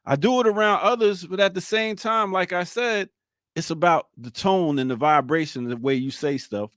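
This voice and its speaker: A male talk-show host with a fairly high voice, thinking aloud in a reflective way and throwing questions to his panel. The sound is close and dry, with no room around it. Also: moderate pace, a bit bright, dry recording. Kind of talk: talk-show monologue and discussion.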